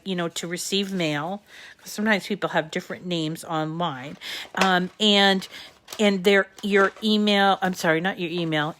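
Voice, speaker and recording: A woman with a New England accent walks viewers through a craft project on a live show. She talks slowly and unhurriedly, full of "um"s and friendly asides to the audience. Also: mid-range voice, fairly bright tone. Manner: chatty, with many fillers and asides to viewers. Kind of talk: casual live craft demonstration.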